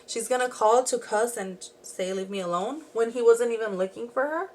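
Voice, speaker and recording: Her voice sits a little high, with a darkish tone and a normal speed. A young beauty and true crime vlogger, she tells a true crime story at home while applying makeup, rambling chattily with plenty of "like" and digressions.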